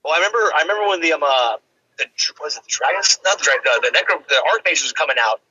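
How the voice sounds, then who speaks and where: A man guesting on a casual gaming roundtable, talking in a rapid, rambling way with lots of fillers, heard over dull lo-fi call audio. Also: a little high, expressive, bright, forceful tone, breathy edge, no room sound.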